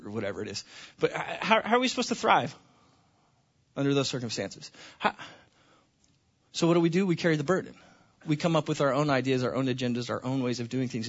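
A pastor preaches a conversational Sunday sermon in a church, often repeating words and restarting phrases. His voice is medium-pitched, and the high frequencies are cut off.

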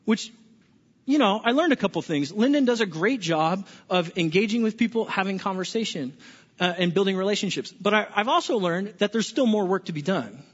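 This male pastor, responsible for small groups, preaches conversationally to an audience in a church hall, asking them questions and often starting words over. He speaks briskly in a high, animated voice. Echo fills the hall, and the recording has a dull, lo-fi quality.

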